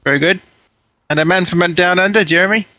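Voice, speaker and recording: Bright-toned chummy male podcast host. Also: high-pitched, fairly quick, dry recording, low-quality recording. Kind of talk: casual panel chat.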